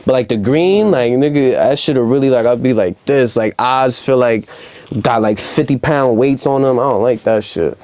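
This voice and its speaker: Young New York man, dark mellow tone, casual storyteller who acts out quotes loudly. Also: medium pitch, normal speed. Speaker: rapper guest. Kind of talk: casual interview chat.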